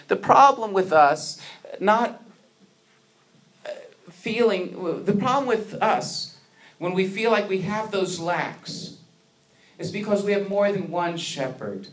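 A man's voice: sits high, animated, takes it slowly, a bit bright. A man preaching a sermon to his congregation, earnest, asking rhetorical questions and building to emphatic peaks. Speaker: pastor.

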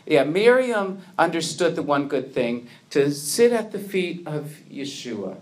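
A man's voice: a little high, very animated, a little slow. A man preaching a sermon to his congregation, earnest, asking rhetorical questions and building to emphatic peaks. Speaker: pastor.

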